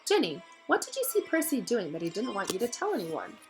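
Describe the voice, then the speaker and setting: A woman voicing an indignant young schoolboy, speaking emphatically with sharp rises on outbursts. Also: a little high, wildly swooping pitch, brisk, faint music behind. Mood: plain.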